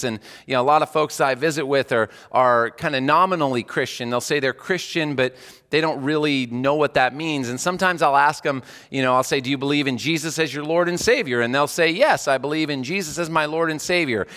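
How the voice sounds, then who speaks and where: Male chaplain preacher, 30s, bright, slightly high voice, chatty sermon delivery, long hall reverb. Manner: conversational, rhetorical questions, drops soft for prayers.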